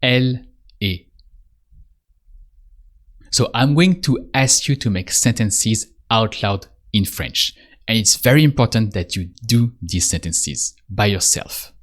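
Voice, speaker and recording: A man giving a spoken language lesson, patiently repeating prompts and pausing for the listener to answer. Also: fairly low pitch, animated. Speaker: French teacher.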